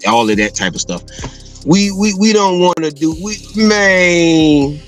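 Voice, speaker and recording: A man speaking delivers casual live-stream commentary at an unhurried pace, his voice fairly high and swinging widely up and down. He breaks into laughter often, hums slowly between thoughts and leans on repetition for emphasis. Faint music plays under his voice. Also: lively intonation. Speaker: streamer reacting to a video.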